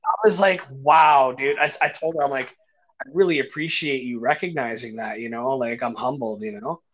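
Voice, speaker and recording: With a mid-range, a bit bright voice at a fairly quick pace, a male podcast host tells stories in casual conversation. He's enthusiastic but keeps using fillers and restarting.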